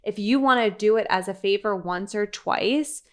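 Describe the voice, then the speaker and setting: A woman's voice: mid-range voice, moderate pace. A woman co-hosting a podcast, giving encouraging coaching advice in casual chat. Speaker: podcast co-host, life coach.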